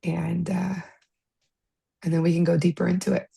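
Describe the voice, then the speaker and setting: Gentle woman hosting a video-call meetup. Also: on the low side, little pitch movement, moderate pace, creaky, husky, no echo. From Miami. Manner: gentle, reflective, with frequent laughs and restarts. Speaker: host of an online study meetup. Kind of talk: casual spiritual group chat.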